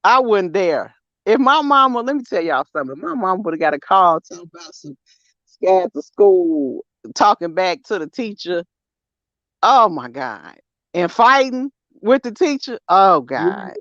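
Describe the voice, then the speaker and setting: A woman's voice: medium pitch, very animated, unhurried, a bit bright, dry recording. A woman, co-hosting a casual podcast chat, talking bluntly and emphatically with plenty of slang. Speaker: podcast co-host. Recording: dry, slightly dull sound.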